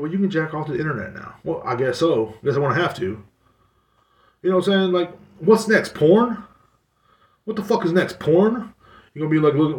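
Podcast host, male, blunt profane rant with a lively swinging pitch. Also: far from the mic. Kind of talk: casual ranting monologue. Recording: roomy echo, away from the mic.

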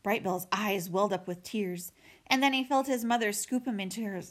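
A woman's voice: mid-range voice, normal speed. Woman reading a children's story. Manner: expressive, storytelling. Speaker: audiobook narrator.

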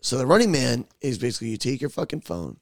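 Gravelly young guy telling rowdy stories. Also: mid-range voice, fast. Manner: rowdy, profane, animated storyteller. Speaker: podcast co-host. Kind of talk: casual chat, storytelling.

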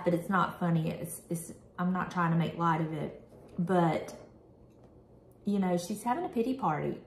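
A woman's voice: fairly low pitch, a bit bright, roomy sound. A woman vlogger reading a devotional prayer aloud and reflecting on it in an earnest, candid, conversational way.

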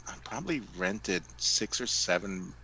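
A man co-hosting a relaxed movie chat, with a lowish voice that has a bright, forceful edge. He drifts from point to point and drops in joking asides as he goes. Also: unhurried, a little hiss or hum, rough recording. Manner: meandering, jokey asides. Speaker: podcast co-host.

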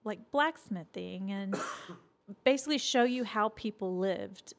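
A woman's voice: medium pitch, slow. A woman co-hosting a travel show, chatting casually and explaining places in an easygoing way. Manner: chatty, laughs easily, explains facts.

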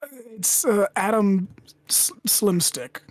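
A woman's voice: mid-range voice, slow pace, no echo, studio quality. A woman playing a nervous young male prisoner in a tabletop game, hesitant and stammering. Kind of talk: tabletop role-play.

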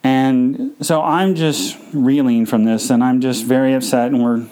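A man hosting a podcast, telling a personal story in a halting, emotional way, full of fillers and restarts. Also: mid-range voice, warm tone, poor audio. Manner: emotional, subdued. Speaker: podcast host.

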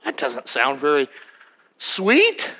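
A man's voice: medium pitch, huge pitch swings, takes it slowly, pushed and bright. A male pastor preaching a sermon in an emphatic, conversational way, often restarting his sentences.

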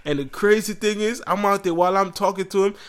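A man co-hosting a podcast, telling a story in casual chat, animated and slangy, often laughing and acting out quotes. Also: high voice, fast. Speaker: podcast co-host.

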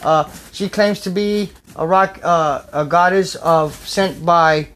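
Rambling high-voiced man hosting a podcast. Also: slow. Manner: loose, rambling, jokey, with sudden shouts. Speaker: podcast host. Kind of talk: rambling casual podcast chat. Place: a bedroom at home. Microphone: phone.

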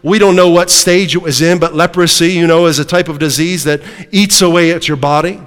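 A male preacher with a high-pitched voice delivers an emphatic sermon, pressing points home and asking the congregation questions. His voice rings out with a long reverb, as if from a church sanctuary. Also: steady tone, brisk, fairly bright tone, clear, resonant tone.

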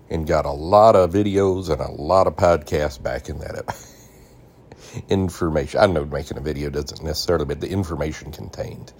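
Very deep-voiced man reading aloud. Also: slight background noise. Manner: reads deliberately, stops to explain names and spellings. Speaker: podcast host reading and commenting on a church text.

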